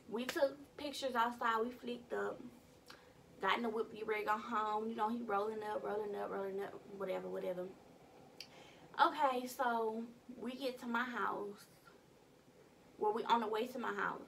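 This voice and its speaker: A young woman vlogging from her bedroom, telling a story in an animated, slangy way with some cussing. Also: on the high side, gravelly, distant mic, a little hiss or hum. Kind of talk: casual storytime vlog.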